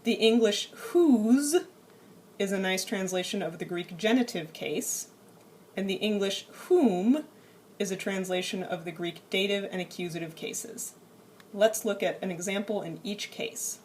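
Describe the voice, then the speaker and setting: A woman talks through Greek grammar in a recorded slide lecture, her pitch sitting in a middle range. She explains patiently and slows down to spell out each form. A faint noise stays under her voice. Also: darkish tone. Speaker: Greek teacher.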